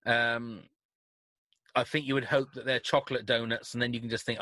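A man's voice: medium pitch, flat delivery, moderate pace, pushed and bright, no echo. A British man co-hosting a radio show, reading listener questions and rambling through them with self-corrections and chuckles. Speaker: radio co-host.

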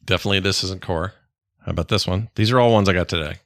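A deep-voiced middle-aged man talks very fast in clean studio sound with no echo. He's a father co-hosting a podcast with his daughter, chatting casually and rambling, often correcting himself mid-sentence.

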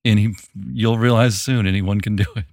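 Deep-voiced laid-back podcast host from Memphis. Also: male voice, moderate pace, no room sound, studio quality. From Memphis, Tennessee, US. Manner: rambling, restarts, relaxed. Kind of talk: casual conversation.

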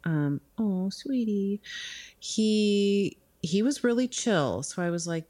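A woman in her thirties co-hosts a podcast from home, rambling casually through a story and saying "like" a lot. Her mellow, medium-pitched voice is slow, with lively intonation.

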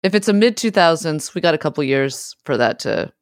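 A woman co-hosting a podcast, trading quick, dry quips and teasing her partner. Her voice sits mid-range and moves around a lot. The recording is close and dry. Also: low-pitched, expressive, no echo. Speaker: podcast co-host. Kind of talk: casual joking chat.

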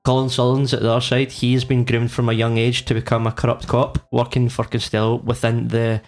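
A man co-hosting a film podcast, quick and halting with restarts as he sums up a plot. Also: mid-range voice, completely flat delivery. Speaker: podcast co-host. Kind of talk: casual chat, reading a plot summary.

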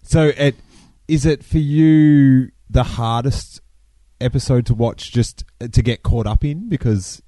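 A male podcast host asks relaxed, conversational follow-up questions. His tone is mellow and low in brightness, and he is recorded close with a dry sound. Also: takes it slowly, hardly any pauses, dry recording. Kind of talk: casual interview.

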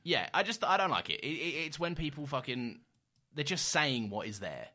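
A man's voice: a little high, very animated, normal speed, pushed and bright. A young man co-hosting a podcast in casual, joking, self-deprecating chat. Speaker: podcast co-host.

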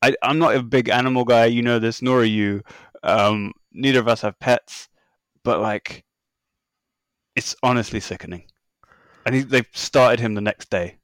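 Brief: male podcast co-host, sardonic and exasperated, mid-pitched, dry close mic. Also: normal speed, long pauses, fairly bright tone, dry recording. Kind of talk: casual football chat.

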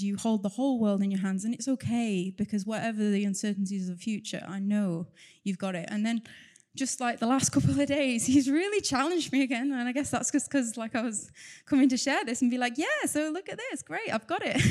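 A woman's voice: a little high, fairly quick, few pauses, a little mellow. A woman giving an earnest, chatty personal testimony at church, with light laughter. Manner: chatty, fills silences with talk. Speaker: church member sharing testimony.

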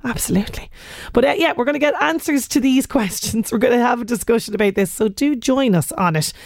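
A woman's voice: a little high, a little fast, no room sound, clean studio sound. An Irish woman in her late thirties hosting a radio show, chatting casually and acting out little voices. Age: late 30s. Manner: chatty, animated, acts out voices. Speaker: radio presenter.

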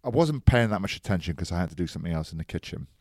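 A relaxed man chatting on a podcast, his voice very deep and low. He talks in a matter-of-fact way, and the recording is dry and close with no room sound. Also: rapid-fire, no room sound. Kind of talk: casual podcast chat.

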